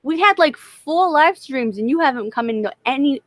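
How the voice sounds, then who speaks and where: A woman's voice: sits high, animated, moderate pace, a bit bright, no echo. A woman co-hosting a casual livestream who teases her co-host and swears freely.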